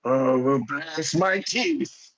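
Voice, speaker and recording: A man's voice: on the high side, drawn-out words, crowd noise, rough recording. Man doing a brash crude old adventurer. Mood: jovial. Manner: gruff, swaggering, folksy insults.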